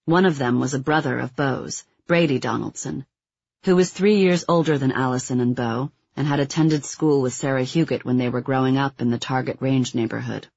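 A man reads nonfiction narration in a steady, measured way, his voice a little husky. The recording is dry and close, with a slightly dull, muffled tone. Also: mid-range voice, no room sound. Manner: even, measured reading; quotes read with little acting. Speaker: audiobook narrator.

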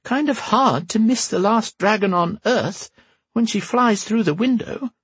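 A man voicing an old empress who is creaky and sharp-tongued, in a high put-on voice. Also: a little slow, no room sound, exaggerated voice. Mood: tart.

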